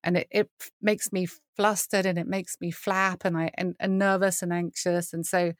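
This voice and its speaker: A woman's voice: lowish voice, normal speed, no echo, studio quality. A middle-aged British woman, a worship leader guesting on a podcast, telling stories with frequent laughter. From United Kingdom. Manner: animated storyteller, laughs often, acts out quoted voices. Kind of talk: conversational interview.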